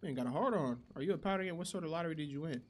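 A young man giving casual, profane gameplay commentary who reacts loudly to the action. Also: on the high side, very fast. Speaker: gaming channel host.

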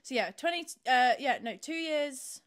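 Bubbly woman in her twenties, fairly high voice, laughs easily, chatty podcast guest. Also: lively intonation, a little slow, fairly bright tone. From South Africa. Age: 20s. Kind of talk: casual chat.

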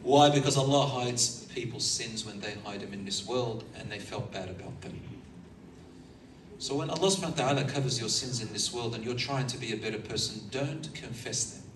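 A man's voice: mid-range voice, brisk, background noise. Male preacher in an echoey hall. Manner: animated storyteller, chuckles between points. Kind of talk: sermon, storytelling. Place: lecture hall. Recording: echoey hall, mic from far off, faint ambience.

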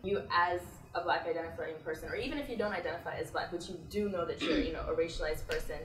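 A young woman student in an interview, talking in an earnest, measured way with many fillers. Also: lowish voice, fairly bright tone. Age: young adult. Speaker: student group member. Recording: roomy echo, mic at a distance.

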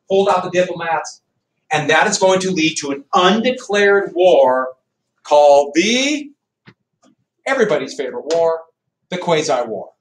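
A man teaching a history class, loud and animated, cracking jokes in a classroom. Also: high voice. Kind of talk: classroom lecture. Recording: echoey classroom from far off.

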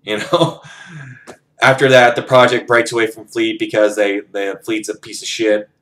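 A man's voice: on the low side, little pitch movement, a little slow, fairly bright tone. A man casually retelling a novel in his own words, rambling and swearing freely as he narrates the scenes. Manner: rambling and profane, narrates scenes with frequent quoting. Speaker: book reviewer retelling a novel.

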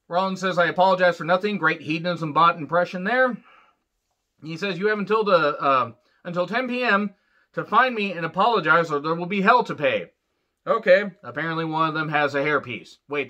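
A man's voice: on the high side, sharp tone. A man giving a casual, profane, sarcastic rant reviewing a show, rambling loosely as he talks. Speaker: wrestling reviewer. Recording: dull lo-fi sound.

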